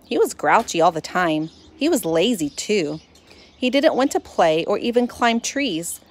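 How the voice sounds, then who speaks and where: A woman narrating a children's storybook in first person, expressive and lively. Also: mid-range voice, unhurried.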